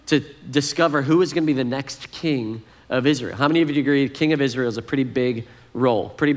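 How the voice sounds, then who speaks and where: Delivering his sermon in an easygoing, conversational style, a medium-pitched male pastor frequently restarts and uses fillers.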